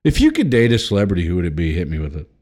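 A man's voice: sits low, huge pitch swings, rapid-fire. A man hosting a casual podcast, reading out headlines and joking crudely. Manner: crude, jokey, swings between loud and mumbled. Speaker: podcast host.

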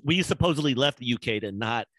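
A man's voice: mid-range voice, animated, fast talker, a bit bright, no room sound. A man in casual chat, ranting with heavy profanity. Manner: profane, heated rants.

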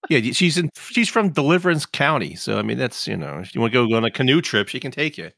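A man's voice: medium pitch, expressive, fast talker, creaky, fairly bright tone, dry recording, clean studio sound. A man co-hosting a gaming podcast in casual, joking chat, rambling with many restarts. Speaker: podcast co-host.

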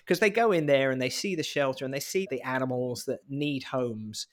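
A man's voice: medium pitch, moderate pace. A man talking casually as a podcast co-host. He tells stories in a chatty, joking way and pokes fun at himself. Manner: chatty storyteller, jokey and self-mocking. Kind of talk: casual chat.

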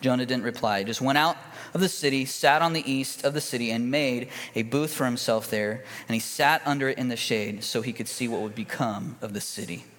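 A male pastor preaching in a church sanctuary, his voice trailing off into the long reverb of the hall. He tells the story in a relaxed, folksy way, full of fillers and restarts, at a medium pitch. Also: a little fast, few pauses. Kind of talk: sermon storytelling.

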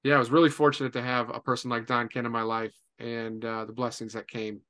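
A man in his forties from Indiana, a podcast guest telling a lively anecdote with lots of "and, uh" fillers. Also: medium pitch, fast talker. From Indiana, USA. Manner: lively storyteller, many "and, uh" fillers. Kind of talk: animated anecdote.

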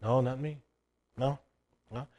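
A man's voice: mid-range voice, fairly even intonation, slow pace, a little mellow. A man preaching, voicing a frightened fisherman who mumbles evasive denials. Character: frightened fisherman denying everything, grown man.

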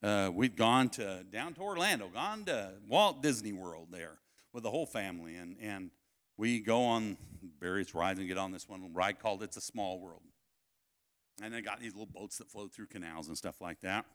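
A man preaching a sermon at a family camp, telling a personal story, swinging between loud calls and hushed asides. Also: on the low side, animated, normal speed.

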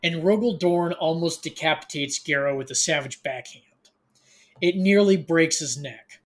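A man's voice: a little high, moderate pace. A man co-hosting a podcast, recapping a novel in loose, filler-heavy casual chat with wry teasing. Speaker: podcast co-host.

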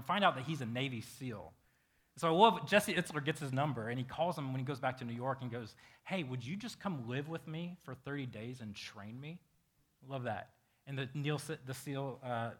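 A male pastor preaching a sermon to a congregation, telling stories with lively acted-out quotes. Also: medium pitch. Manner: animated storytelling, acting out quoted voices. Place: church hall with a congregation.

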